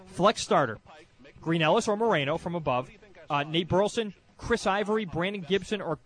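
A man hosting a casual sports chat, quick and chatty, laughing often. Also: high voice, a bit bright. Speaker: podcast host.

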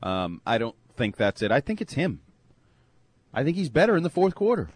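Animated man talking sports, dry sound. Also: medium pitch, fairly quick, husky, dry recording. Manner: opinionated, animated, joking banter. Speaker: sports radio co-host. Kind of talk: casual sports talk.

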